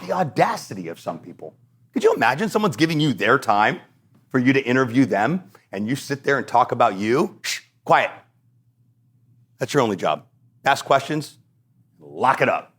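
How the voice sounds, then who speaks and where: A man hosts a solo podcast and teaches his listeners in a blunt, energetic, joking way. His voice sits in the middle register. He slips into quick acted-out exchanges to make his points. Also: mid-range voice, breathy edge. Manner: blunt, energetic, jokey, acts out quoted exchanges. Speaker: podcast host and coach.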